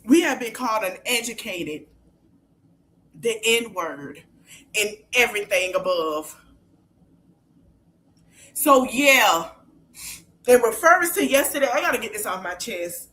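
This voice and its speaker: A woman podcast host vents in a heated, profane livestream rant. She repeats phrases for emphasis and breaks into shouts. Her voice sits slightly high. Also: animated, slow pace, pauses often, a little hiss or hum.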